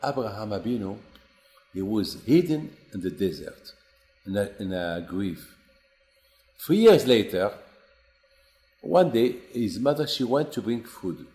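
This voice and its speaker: Animated storytelling man. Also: unhurried, long pauses, roomy sound. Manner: animated storyteller, acts out quotes with rising pitch. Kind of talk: Torah class storytelling.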